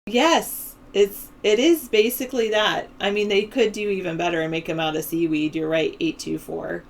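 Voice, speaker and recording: A woman's voice: mid-range voice, steady tone, moderate pace, a little hiss or hum, rough recording. Chatty valley-girl woman host. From Southern California. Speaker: host of a call-in political show. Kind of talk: casual chat, reading news and answering chat.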